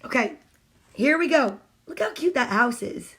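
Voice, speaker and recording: A woman's voice: high voice, lively intonation, measured pace, husky. A woman reading children's storybooks live from home, playful and chatty, greeting her viewers by name between pages. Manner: playful, exclaims over the pictures.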